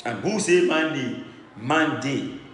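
A man with a Ghanaian accent, a traditional priest boasting in fiery declamation, swinging between shouts and low mutters and repeating his phrases. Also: expressive, slow. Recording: echoey room with long reverb.

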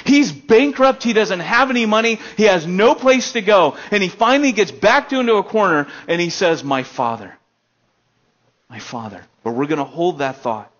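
Lively American pastor, dull lo-fi recording. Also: male voice, moderate pace, hardly any pauses. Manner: animated, swings between loud excited bursts and low quiet stretches. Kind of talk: casual storytelling sermon. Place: elementary school meeting room.

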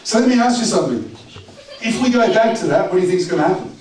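Middle-aged man, pastor, casual questioning sermon, fairly high voice, echoey church hall, distant mic. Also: expressive, fast, a little mellow. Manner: conversational, direct, asks the congregation questions. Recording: echoey church room from far off, faint noise.

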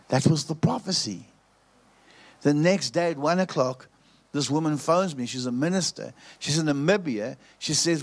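A man's voice: medium pitch, normal speed. A man preaching, telling a story and repeating phrases for emphasis. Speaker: pastor. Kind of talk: preaching sermon.

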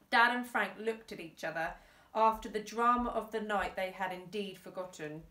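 A woman teacher from England reading a storybook aloud to her class, unhurried and expressive. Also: mid-range voice, echoey room, distant mic.

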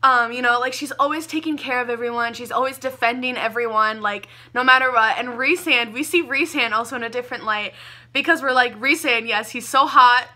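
A young woman gushing about a book she loved, talking casually and excitably with lots of "like" fillers. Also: fairly high pitch, fairly quick. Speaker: book reviewer.

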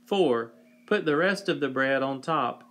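A man reading a whimsical children's story aloud with a slow, wry delivery, sometimes clearing his throat. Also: mid-range voice, lively intonation, a bit bright.

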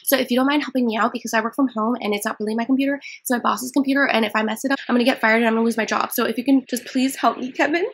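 A woman's voice: fairly high pitch, fairly even intonation, racing, hardly any pauses, slightly rough. A young woman prank-calling a scammer, rambling nervously in a breathless rush. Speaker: prank caller. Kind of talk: scambaiting prank call, fast talk.

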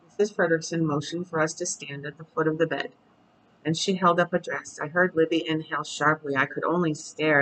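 A storyteller reading a chapter book aloud at bedtime in a calm, steady voice. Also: mid-range voice, fairly quick, rough recording.

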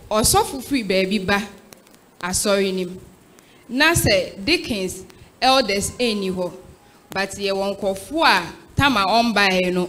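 Slow-spoken Ghanaian woman asking. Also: medium pitch, a bit bright, slight background noise, low-quality recording. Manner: hesitant, restarts while asking. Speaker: seminar attendee asking a question.

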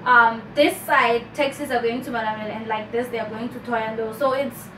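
A young South African woman telling a storytime vlog, animated and chatty, often calling out to her viewers. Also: a little high, a little fast, noisy background. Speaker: vlogger. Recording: roomy, distant from the mic.

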